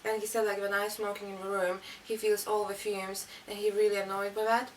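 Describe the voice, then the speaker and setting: A woman's voice: mid-range voice, level tone, brisk. A young woman, telling a story in a rambling, casual way with many fillers. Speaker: interviewee. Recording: distant mic, faint room noise.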